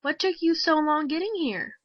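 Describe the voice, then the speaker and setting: A woman reading a story voices a brisk male army announcer with hearty, coaxing stage patter. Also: high voice, no echo, pitched above the performer's own voice, close to an everyday voice. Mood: urging. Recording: dry, dull lo-fi sound.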